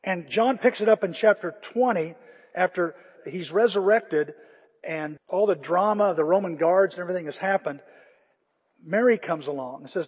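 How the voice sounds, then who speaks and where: A man's voice: sits high, normal speed, breathy edge. An older man preaching a conversational sermon to his congregation, retelling scripture with feeling. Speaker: pastor. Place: church sanctuary. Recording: long reverb of a church hall.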